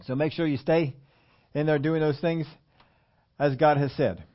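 Male pastor, sermon, questions to the congregation, higher-pitched, muffled lo-fi sound. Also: measured pace. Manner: animated preaching, asks the congregation questions.

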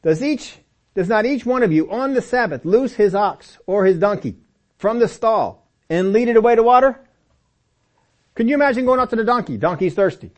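A man with a high voice and lively intonation teaches from the Bible in a sermon at normal speed. He speaks emphatically, repeats phrases for stress, and addresses listeners directly, sometimes by name.

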